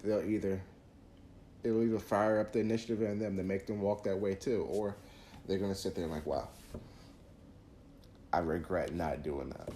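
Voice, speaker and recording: A man's voice: fairly low pitch, level tone, brisk, warm tone, echoey room, a little hiss or hum. A man hosting a podcast, talking earnestly through faith advice in a casual monologue, often restarting phrases. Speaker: podcast host.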